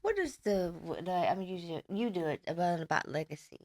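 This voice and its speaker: A woman's voice: lowish voice, animated, a little fast, a little mellow, no echo. A woman co-hosting a talk show, asking a guest questions with supportive, affirming remarks. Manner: supportive, frequent short affirmations. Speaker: co-host. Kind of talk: casual interview chat.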